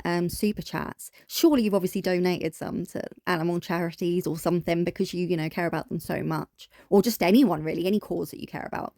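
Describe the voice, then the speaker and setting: A woman's voice: on the low side, dark tone, dry recording. A woman giving angry reaction commentary, blunt, scolding and full of swearing.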